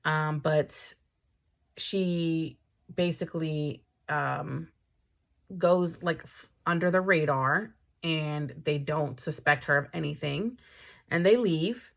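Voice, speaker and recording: Animated, dramatic woman book vlogger. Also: slow, gravelly. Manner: dramatic, animated, swings from low mumbles to high exclamations. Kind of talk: casual chat.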